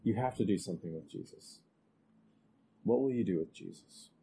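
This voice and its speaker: A male preacher giving a conversational expository sermon, growing animated when he reads scripture aloud. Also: low voice, moderate pace, creaky, slight background noise, poor audio.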